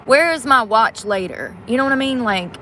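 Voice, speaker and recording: A woman's voice: fairly high pitch, lively intonation, normal speed, pushed and bright, slight background noise. A woman vlogging casually to her viewers, getting frustrated and cursing under her breath as she hunts for a video. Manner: frustrated, muttering and cursing while fiddling with a device. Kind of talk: casual vlog talk to viewers.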